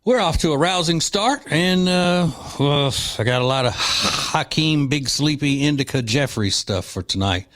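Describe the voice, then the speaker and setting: A man's voice: a little high, animated, a little slow, few pauses, fairly bright tone. Male radio host, mocking and combative, scornful opinion monologue. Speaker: radio talk show host.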